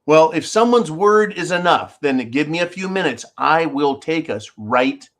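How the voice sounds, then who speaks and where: A man's voice: fairly high pitch, lively intonation, unhurried, fairly bright tone. A man hosting his own show, giving sarcastic, combative commentary straight to his viewers. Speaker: show host. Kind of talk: opinionated commentary.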